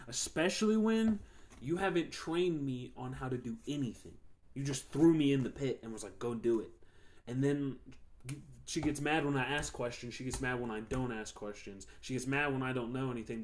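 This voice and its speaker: A man's voice: medium pitch, brisk. A young man hosting a podcast, ranting heatedly and profanely about his job in a casual solo monologue. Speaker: podcast host.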